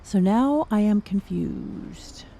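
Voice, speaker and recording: A woman's voice: mid-range voice, expressive, takes it slowly, creaky, mellow. A middle-aged woman giving casual gameplay commentary, chatty and thinking aloud with wry asides. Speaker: gaming streamer.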